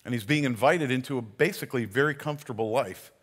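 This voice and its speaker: A man's voice: mid-range voice, fast talker, husky, big-room sound. A man giving a sermon as a community pastor, telling the story in a conversational way and often restarting his words.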